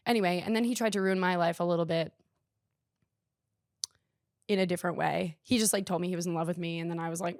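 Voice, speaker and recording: A woman's voice: mid-range voice, steady tone, fast, dry recording, clean studio sound. A young woman hosting a podcast, telling a rambling, self-deprecating story in casual chat, full of "like". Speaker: podcast host.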